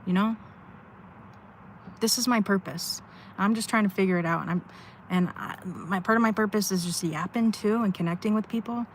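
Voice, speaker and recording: A woman's voice: mid-range voice, moderate pace, a little hiss or hum. A woman livestreaming from inside her car at a rest stop, venting candidly and rambling with sighs. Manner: rambling, sighing, heartfelt venting. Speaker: live streamer.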